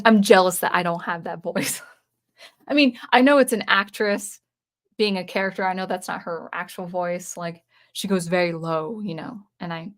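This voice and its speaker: Woman, 30s, livestream host: casual, rambling, frank, frequent self-corrections, mid-range pitch. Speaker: channel host.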